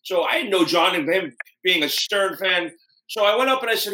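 A man hosting a podcast, telling stories in a rambling, animated way. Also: high voice, a little fast. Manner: rambling, animated storyteller doing voices. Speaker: podcast host. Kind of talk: casual podcast interview. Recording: echoey room with faint noise.

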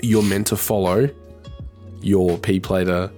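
A man's voice: low voice, flat delivery, takes it slowly, dark tone, faint music behind. A young Australian man co-hosting a podcast, rambling and joking with casual swearing. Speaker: podcast co-host.

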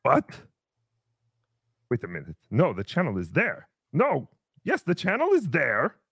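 A man's voice: on the high side, huge pitch swings, gravelly, fairly bright tone, breathy edge, dry recording, studio quality, exaggerated voice. A man doing a sing-song childlike show host. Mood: bewildered. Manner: sing-song, overly sweet, drawn-out. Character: cheery childish puppet-like host character. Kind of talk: comedic character livestream.

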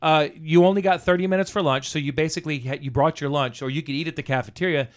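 A man with a middle-pitched voice talks quickly and bluntly in a casual podcast chat. He swears freely as he makes his points. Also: fairly even intonation. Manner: blunt, profane. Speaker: podcast co-host.

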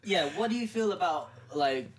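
Halting podcast host, faint hiss. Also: male voice, high-pitched, lively intonation. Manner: halting, full of fillers and restarts. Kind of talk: casual podcast discussion.

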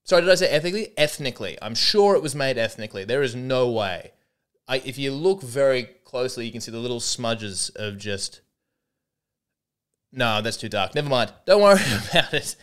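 A young man riffs through a solo comedy podcast, his voice swinging up and down with animated pitch. His tone is smooth and clear, and he talks in loose, self-mocking rambles that hop from one bit to the next. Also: moderate pace. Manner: rambling, self-mocking, jumps between bits.

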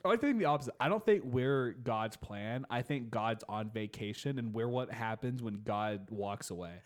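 A man's voice: medium pitch, lively intonation. Young male co-host, loose profane banter, acts out bits. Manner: profane, rambling, acts out quick voices. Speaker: podcast co-host. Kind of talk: casual comedic chat.

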